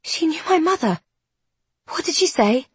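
A woman's voice: high voice, animated, fairly quick, no echo, pitched above the performer's own voice. A woman voicing a shaken, bewildered young woman.

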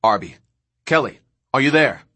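A man's voice: medium pitch, lively intonation, normal speed, bright, forceful tone. A man reading an audiobook, voicing a worried man calling urgently over a radio. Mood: anxious. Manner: urgent, anxious.

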